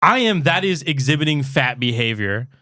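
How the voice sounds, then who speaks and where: A man's voice: fairly high pitch, expressive, normal speed, pushed and bright, no room sound, studio quality. A man co-hosting a podcast, blunt and profane, stammering through restarts in casual chat. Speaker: podcast co-host.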